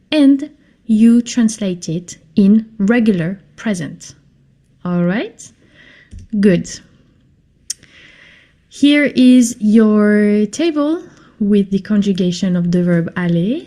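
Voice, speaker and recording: A woman teaching a French lesson in English, speaking slowly and patiently and repeating phrases for her learners. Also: medium pitch, dark tone. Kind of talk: slow classroom lesson.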